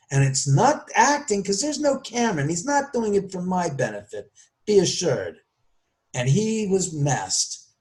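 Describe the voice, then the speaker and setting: A man with a fairly high voice tells a story as a podcast guest. He is animated and acts out the voices of the people he quotes. He often restarts and corrects himself as he goes. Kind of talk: storytelling interview.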